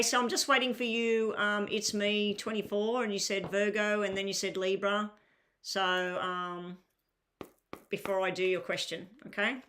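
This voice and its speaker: A woman's voice: fairly low pitch, fairly bright tone. A tired woman with a crackling voice doing a live-stream tarot reading, talking casually to viewers in chat and asking them to clarify their questions. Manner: chatty, asks viewers to clarify, filler-heavy.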